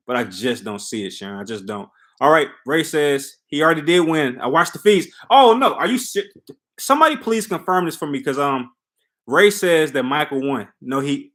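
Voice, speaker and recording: A man's voice: medium pitch, a bit bright. A man hosting a casual reality-show commentary, talking emphatically and repeating himself as he reads and answers viewer comments. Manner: emphatic, repetitive, talks to viewers. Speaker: show recap host.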